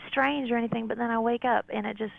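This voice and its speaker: A woman's voice: on the high side, steady tone, fast talker, gravelly. A woman in her twenties calling into a radio show, speaking hesitantly with lots of fillers over a phone line. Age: 20s. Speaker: caller. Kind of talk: phone-in caller.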